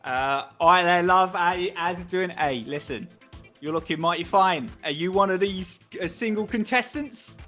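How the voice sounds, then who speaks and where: A man's voice: high voice, moderate pace, fairly bright tone, soft background music. A man voicing a brash, flirty male monster contestant who talks in cocky British slang.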